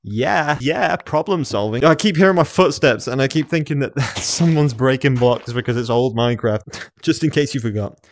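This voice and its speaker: A man in his room at home, narrating his own gameplay as he plays. He talks to himself in quick bursts, laughs often, and jumps from muttering to excited yelps. There is a physical, on-the-move energy to his talk. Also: mid-range voice. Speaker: gamer. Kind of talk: let's play commentary.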